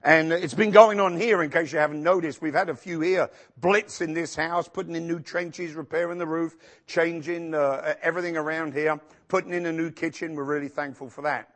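A male pastor preaching a sermon in a church, acting out quotes with sudden shouts. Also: a little high, normal speed. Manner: animated, acts out quotes with shouts.

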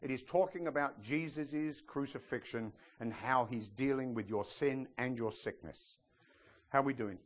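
A man's voice: medium pitch, moderate pace. A man preaching a sermon as pastor of a church, in a humorous, emphatic style. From outside the US.

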